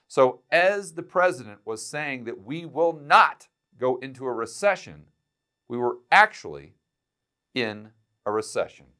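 Male finance video host, mid pitch, sarcastic and punchy, hammering points through repetition. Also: bright, forceful tone. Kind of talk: direct-to-camera economic commentary.

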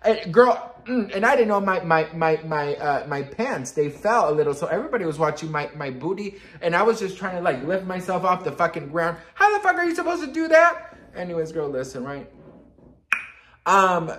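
A young man chatting as a pop culture gossip vlogger, sassy and animated, swearing freely and calling his viewers girl. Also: a little high, moderate pace.

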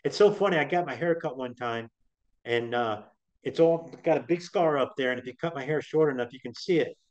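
Here a middle-aged guest on an interview tells his story in a loose, rambling way, frequently restarting. He has a medium-pitched voice and a fairly quick delivery, and the sound quality is dull and lo-fi.

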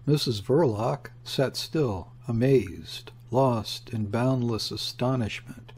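A man reading a classic novel aloud as an audiobook narrator, in a steady, unhurried way. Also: mid-range voice, slightly rough. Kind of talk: measured literary narration.

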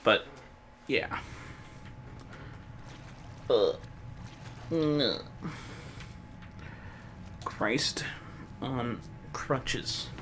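A man's voice: mid-range voice, extremely slow, long pauses. A man giving joking, sarcastic commentary while playing a game, swearing often, over a noisy background. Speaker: let's play gamer. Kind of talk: gameplay commentary.

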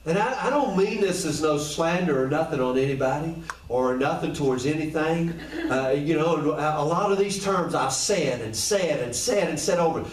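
At a moderate pace and fairly high pitch, a man preaches informally, speaking plainly and asking the congregation one question after another. The recording is echoey, with his voice far from the microphone.

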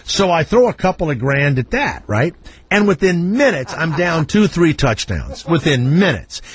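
A man's voice: a little high, big pitch swings, normal speed. A middle-aged man hosting a radio talk show, telling a profane, comic family story and acting out the voices.

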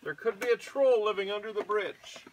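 A man reading a storybook aloud to his goats, pausing to talk to them about the pictures. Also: high-pitched, a little hiss or hum, low-quality recording. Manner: animated reader, chats to the goats between pages.

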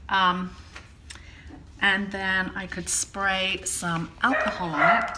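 A woman's voice: mid-range voice, measured pace, very noisy. A woman hosting a casual art tutorial, chatting in a rambling way with frequent ums and self-corrections as she demonstrates at home.

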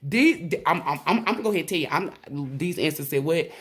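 Woman tarot reader, casual to camera; excitable, profane, rambling delivery. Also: deep voice, rapid-fire, breathy edge.

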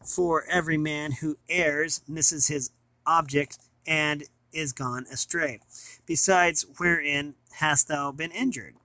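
A man's voice: a little high, steady tone, slow, bright, forceful tone, no echo. A young man reading an old philosophy text aloud, stumbling and restarting often over the archaic words. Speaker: reader of classic texts.

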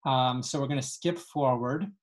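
A woman's voice: rumbling low, normal speed, darkish tone. Woman, webinar lecture, explanatory, translating quotes, frequent ums. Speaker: Yiddish dialect teacher.

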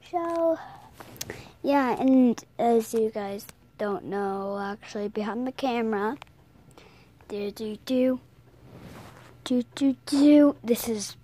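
A woman's voice: fairly high pitch, warm tone, a little hiss or hum, low-quality recording. A young girl losing her voice gives a casual vlog tour of her toy horses, rambling, correcting herself, apologizing and often slipping into a whisper. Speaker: toy horse collector showing her setup.

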